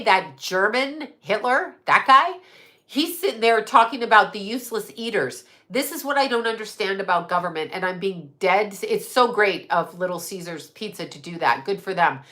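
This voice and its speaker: A woman's voice: medium pitch, sharp tone. A woman hosting a livestream, ranting heatedly with lots of swearing and rambling restarts. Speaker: livestream host. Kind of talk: unscripted livestream rant.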